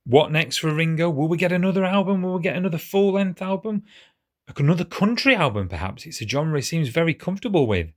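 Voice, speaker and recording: A man's voice: a little high, animated, quick pace. A man hosting his own music channel, chatting enthusiastically through an album review track by track, with plenty of "uh" and "um" and questions to his viewers. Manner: asks viewers questions and invites comments. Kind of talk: casual solo album review to camera.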